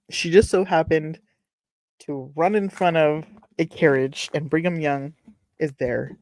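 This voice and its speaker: A woman's voice: low voice, steady tone, measured pace, a little mellow, no room sound. A woman from Texas reading a novel aloud on her show, breaking off to ramble, apologize and make wry asides, close to a desk webcam at home. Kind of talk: casual read-along with commentary.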